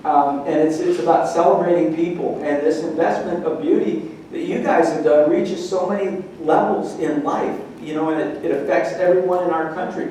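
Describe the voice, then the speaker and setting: Male motivational keynote speaker, mellow higher voice, lively storyteller, echoey hall heard from a distance. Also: moderate pace, hardly any pauses, a little hiss or hum. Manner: animated storyteller, acts out quotes. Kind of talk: motivational speech. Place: large conference hall. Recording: echoey hall, mic from far off.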